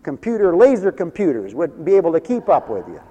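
A man's voice: fairly high pitch, huge pitch swings, fairly quick, warm tone, in a large hall, lo-fi sound. A man preaching a folksy sermon, laughing often between his points.

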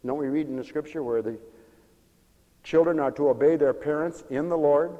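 A male preacher giving a sermon, moving from quiet asides to fervent, drawn-out shouted proclamations. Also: mid-range voice, muffled recording. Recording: long reverb of a large hall.

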